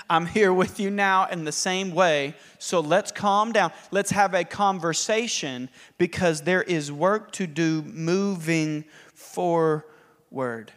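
A man voicing a calm, reassuring divine figure while preaching. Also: high voice, slow, big-room sound. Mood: gentle.

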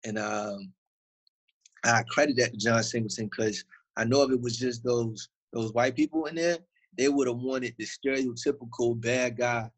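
A young man from Virginia tells loose, casual stories like an interview guest, speaking with a relaxed Southern drawl and a husky edge at normal speed. His pitch sits in an everyday middle range, and he packs his talk with slang and fillers. The recording quality is low.

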